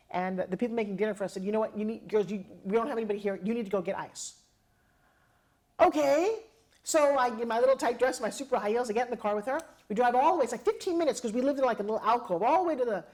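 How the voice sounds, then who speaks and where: Middle-aged lady telling stories to a crowd, lively, does all the voices with little laughs. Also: on the high side. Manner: lively, acts out quoted dialogue with laughs. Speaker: motivational speaker. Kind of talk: personal storytelling to an audience.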